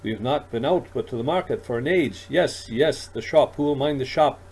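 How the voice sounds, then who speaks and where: A man's voice: mid-range voice, moderate pace, husky, voice pushed up. A man voicing an eccentric old male alien shopkeeper who mutters to himself and rambles. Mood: excited. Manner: dithering, excitable, childlike. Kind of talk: audiobook character voice.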